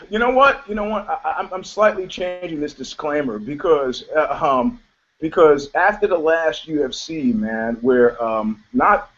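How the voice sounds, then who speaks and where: A man co-hosting a casual talk show, telling profane stories and laughing often. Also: on the high side. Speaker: podcast co-host. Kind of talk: casual chat. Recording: dull lo-fi sound.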